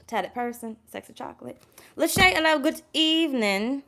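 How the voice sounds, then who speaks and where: A woman's voice: high voice, expressive, moderate pace, bright, forceful tone. A woman doing a casual live tarot reading, talking in a loose, rambling way with heavy cursing and lots of repetition, stopping to greet her chat. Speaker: tarot reader.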